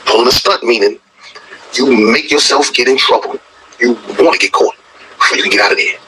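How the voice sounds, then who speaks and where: A man's voice: mid-range voice, brisk, noisy background. A man hosting a reaction video, telling a story in blunt, profane, scoffing casual commentary.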